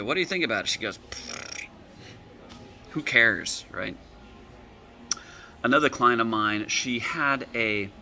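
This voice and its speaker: A man with a fairly low, pushed, bright voice works as an emotional reset coach. He tells stories about clients, acting out their quoted words as a back-and-forth dialogue.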